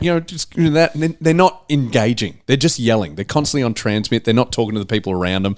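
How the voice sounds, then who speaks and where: Animated Australian man telling footy stories. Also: medium pitch, quick pace, hardly any pauses. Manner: animated storyteller, acts out exchanges. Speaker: podcast host. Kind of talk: casual footy chat.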